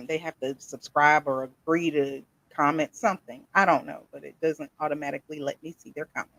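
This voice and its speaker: Bright-voiced hype podcast host woman. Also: deep voice, lively intonation, normal speed, dry recording. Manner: hyped, playful, talks to viewers. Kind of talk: casual live-stream chat. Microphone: streaming setup.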